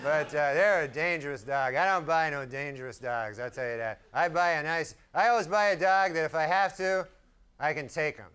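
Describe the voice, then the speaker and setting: A man doing a stand-up comedy set, talking in a drawling, deadpan way with rambling asides. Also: fairly high pitch, normal speed, smooth. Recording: live club set with loud crowd and noise. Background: audience laughter.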